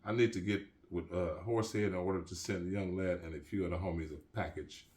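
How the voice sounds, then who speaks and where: A man voicing a devoted, agreeable young woman in his own low, plain voice. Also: fairly even intonation, fast talker, a little mellow, lightly acted.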